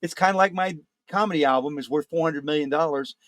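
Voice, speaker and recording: A man's voice: a little high, fast, a bit bright, no room sound. Joking man co-hosting a podcast. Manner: joking, riffing, laughs often. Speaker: podcast co-host. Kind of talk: casual comedic chat.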